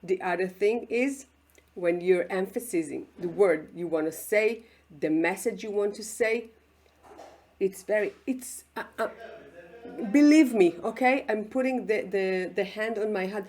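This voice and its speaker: A woman's voice: mid-range voice, measured pace, a little mellow. A woman with an Israeli accent, a native Hebrew speaker, coaching viewers as a public speaking mentor in an online lesson. She is emphatic, often checks in with "okay?" and acts out examples.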